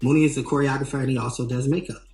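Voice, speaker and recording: A man working as a tour manager tells a story in an animated way, re-enacting what people said with emphatic rises. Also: medium pitch, rapid-fire, creaky. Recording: roomy echo, faint music.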